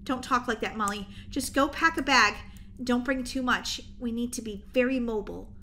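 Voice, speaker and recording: A woman voicing a calm, practical mother in a Roblox role-play, speaking softly and in a measured way. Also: a little high, a little hiss or hum, pitched below the performer's own voice. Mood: firm. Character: worried mom, calm and practical.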